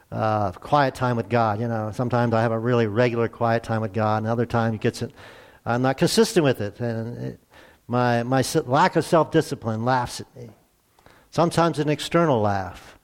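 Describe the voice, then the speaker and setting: A man with a mid-range voice preaches in a relaxed, conversational way. He talks plainly, stopping to restart and repeat words as he works through his point. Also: mid-range voice. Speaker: pastor. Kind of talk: conversational sermon.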